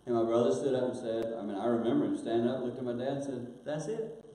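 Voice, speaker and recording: An older man telling a personal story in a sermon, earnest, growing hushed at painful moments. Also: medium pitch, fairly even intonation, racing. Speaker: guest speaker. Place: church auditorium. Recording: very echoey church hall, faint hiss.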